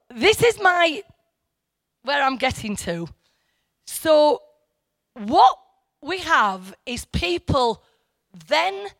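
A woman's voice: sits high, fairly bright tone, dry recording. A woman giving informal Bible teaching to a church group, rambling and correcting herself with asides to her listeners.

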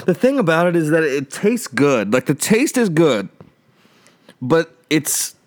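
A man co-hosting a casual podcast, talking in an animated way and sputtering and coughing through burning hot sauce. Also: on the high side, a little slow, no room sound, clean studio sound. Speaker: podcast co-host.

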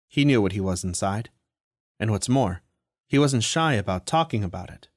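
A man reading a story aloud in a steady, even storytelling manner. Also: fairly low pitch, moderate pace, no room sound, studio quality. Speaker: audiobook reader. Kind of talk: storytelling narration.

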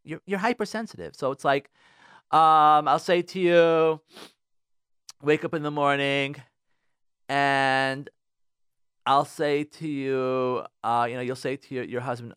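A man hosting a radio advice show, lecturing listeners in a casual, animated way, repeating phrases and acting out what spouses say. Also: medium pitch, measured pace, pauses often, clean tone, no echo, studio quality. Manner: animated, repeats himself, acts out spouses' complaints. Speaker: radio show host giving relationship advice.

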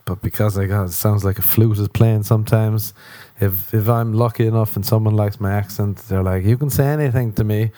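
A man's voice: on the low side, little pitch movement, moderate pace, mellow, dry recording. Sweary rambling Irish man. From Ireland. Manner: rambling, self-mocking, sweary storytelling. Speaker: podcast host. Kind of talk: rambling solo podcast monologue.

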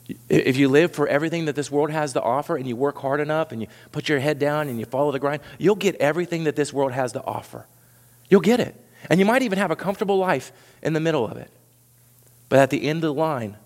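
A man preaching a sermon as pastor, animated, swinging from loud high peaks to quiet low asides. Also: big-room sound.

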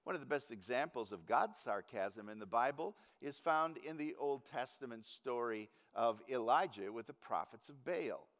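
A male preacher teaching in an easygoing, wry way, with chuckles at his own points. His delivery is slow and his pitch swings widely. The recording carries a long, hall-like reverb. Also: a bit bright. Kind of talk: teaching sermon.

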